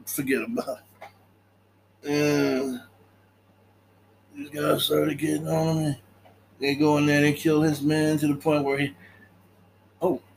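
Slow-talking laid-back man recapping a movie. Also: on the high side, vocal fry, a little hiss or hum. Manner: laid-back, laughs often, acts out movie lines. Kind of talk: casual movie recap chat.

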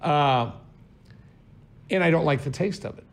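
A man's voice: fairly high pitch, unhurried. A man co-hosting a casual chat, joking and playful. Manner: joking, playful, laughs easily.

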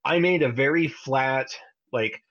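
A man in his thirties co-hosting a podcast, telling a family story in a casual, animated way, sometimes jumping high to imitate his child. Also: unhurried, dull audio. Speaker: podcast co-host.

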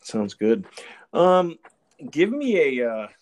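A man's voice: fairly high pitch, very animated, takes it slowly. A man hosting a podcast, playfully prompting his guest for a story. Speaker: podcast host. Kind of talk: casual interview.

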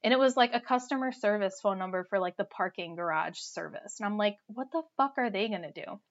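A young woman telling a personal story in casual chat, animated and full of "like" fillers. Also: mid-range voice, brisk. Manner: animated, lots of "like" fillers, laughs while telling. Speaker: storyteller guest. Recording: dull lo-fi sound.

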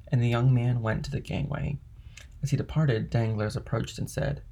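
Gravelly-voiced male audiobook narrator. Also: medium pitch, steady tone, moderate pace, warm tone.

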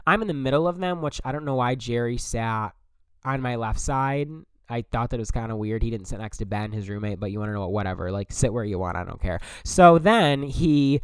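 A young man casually telling a story to his camera, blunt and profane with animated asides. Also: mid-range voice, fairly quick, clean tone, no room sound. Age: young adult. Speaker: vlogger.

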